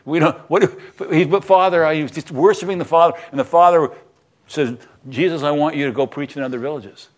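A male pastor preaching a sermon, telling Bible stories with lively acted-out lines and closing in earnest prayer. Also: a little high, fairly quick. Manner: animated storytelling, acting out voices, then quiet earnest prayer.

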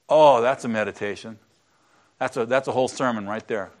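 A man's voice: medium pitch, moderate pace. A man preaching a sermon in a church, teaching in a conversational way and chatting with the congregation between points. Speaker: pastor.

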